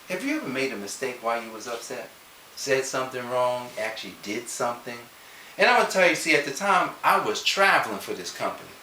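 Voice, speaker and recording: A man tells a personal story as a motivational speaker, his bright voice rising and falling a lot as he keeps turning to his listeners with questions. He sounds set back from the mic in a roomy, echoing space, with a faint hiss underneath. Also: medium pitch, distant mic. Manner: lively, conversational, questions the listeners directly. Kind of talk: animated personal storytelling to an audience.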